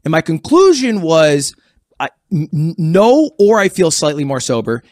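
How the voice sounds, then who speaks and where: A man's voice: fairly high pitch, very animated, a little slow, darkish tone, no room sound, clean studio sound. A young man telling a story in a casual podcast chat, rambling and sheepish, with many fillers and restarts. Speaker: podcast guest.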